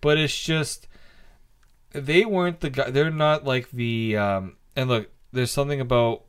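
A man in casual sports talk as podcast co-host. His voice sits at an everyday middle pitch. He rambles and restarts sentences, filling the gaps with hesitant ums. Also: measured pace, clean tone.

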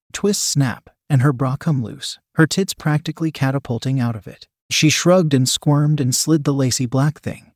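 A man narrating an erotic story in a steady reading voice. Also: mid-range voice, dry recording, studio quality.

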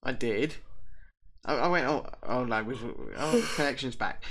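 A man's voice: mid-range voice, expressive, measured pace, fairly bright tone. A man co-hosting a live stream, chatting casually in a playful, teasing, rambling way. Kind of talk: casual chat.

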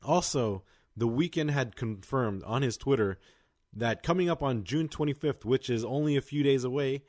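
Here a Los Angeles County co-host, also a young man, keeps the podcast chat loose, peppered with "like" and other fillers. He talks at a normal speed in a mid-range, slightly mellow voice, captured with studio quality and no room sound.

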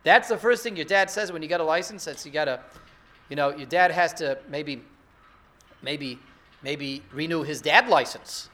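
High-pitched, bright-voiced rabbi giving a sermon. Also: male voice, normal speed. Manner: rhetorical, builds to excited emphasis. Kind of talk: Torah sermon.

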